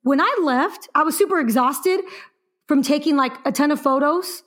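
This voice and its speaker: A young woman co-hosting a podcast, telling a story in a lively, chatty way and laughing often. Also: sits high, moderate pace. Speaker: podcast co-host. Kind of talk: casual podcast chat.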